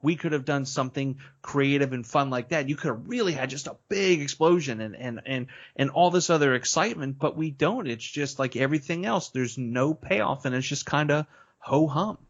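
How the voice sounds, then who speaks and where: A man's voice: on the high side, normal speed, muffled recording. A man appearing as a guest on a film podcast, chatty and opinionated, talking in a loose, slangy way. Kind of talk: casual film-review chat.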